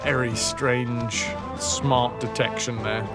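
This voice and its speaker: A man's voice: medium pitch, level tone, takes it slowly, over loud music. A man chatting and joking as he streams a game, talking to his chat and to the game. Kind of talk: live gameplay commentary.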